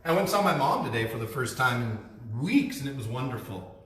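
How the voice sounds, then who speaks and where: A man's voice: mid-range voice, sing-song, fairly quick, a bit bright, faint music behind. Enthusiastic man giving a gallery tour. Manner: chatty, enthusiastic about art. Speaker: gallery host. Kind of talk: casual live-stream gallery tour. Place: art gallery indoors. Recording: echoey room with faint noise.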